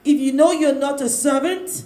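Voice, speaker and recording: A woman speaking in a panel discussion, loud and emphatic, often breaking into laughter. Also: sits high, normal speed. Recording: roomy, echoey sound.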